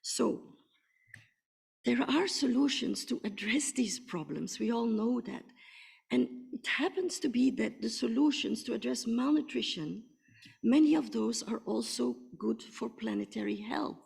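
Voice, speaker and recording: A woman with a rough, hoarse voice moderating a conference session, her speech hesitant and full of fillers. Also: a little high, measured pace, darkish tone. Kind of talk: opening remarks at a conference side event. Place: large conference room. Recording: long reverb of a large hall.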